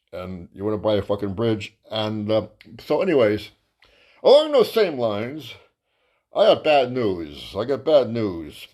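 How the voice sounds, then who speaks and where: A man telling a rambling, profane stand-up story as host of his own comedy show. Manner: crude, profane, rambling with fillers; lively, jumps to high voices for quotes.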